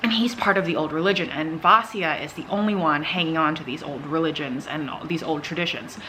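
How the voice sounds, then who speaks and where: A young woman talks at home in a bright, forceful voice, bubbly and excitable as she chats to her camera. Her pitch sits a little low, and faint room noise hums behind her. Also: a little fast. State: out of breath. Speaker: vlogger. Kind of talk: casual reading vlog.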